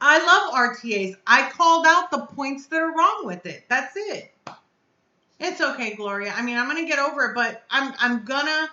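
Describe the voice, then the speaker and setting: A woman's voice: sits high, lively intonation, moderate pace, bright, forceful tone, reverberant, muffled recording. A woman hosting her own live stream as a reviewer, upset and blunt, venting and cursing as she speaks to her chat. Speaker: vape reviewer and channel host.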